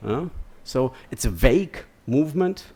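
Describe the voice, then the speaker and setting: A man with a medium-pitched, mellow, expressive voice delivers an academic lecture at an unhurried pace. He wanders off on digressions and keeps checking in with "yeah?" and "no?" as he talks.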